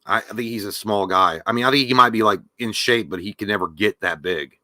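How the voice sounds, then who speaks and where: Bright-voiced man in crude casual chat. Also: on the low side, brisk, dry recording. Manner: crude, joking, rambling with many fillers. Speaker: podcast co-host.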